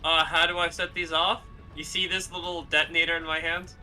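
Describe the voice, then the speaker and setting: A man's voice: fairly high pitch, fairly quick, faint music behind, rough recording. A young man streaming a video game, chatting casually with a friend, laughing a lot and swearing freely. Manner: giggly, excitable, swears freely. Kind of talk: casual gaming stream chat.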